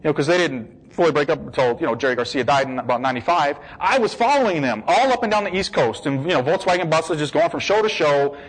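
Animated American man telling his story. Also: a little high, fast, few pauses, rough recording. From United States. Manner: animated storyteller who acts out the voices of people he quotes; emphatic repetition. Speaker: speaker giving a personal testimony. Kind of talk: personal testimony talk.

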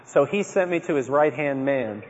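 A man giving a personal testimony talk to an audience, telling his story in a lively way and acting out his own remembered words. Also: medium pitch, normal speed. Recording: dull, echoey hall recording.

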